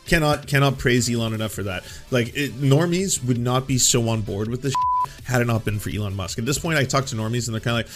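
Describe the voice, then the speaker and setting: A man's voice: medium pitch, fast, over loud music. A man hosting a show, talking in casual, sarcastic and profane commentary and acting out quotes in mocking voices. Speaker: show host.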